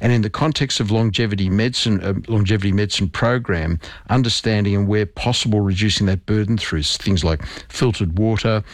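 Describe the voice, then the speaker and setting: A middle-aged man, a doctor, walks through medical findings in an interview, stressing key terms with conviction. His voice sits low, and the recording is dry and close, with no room sound. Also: a little fast, few pauses, no room sound. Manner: explanatory, emphatic with medical terms.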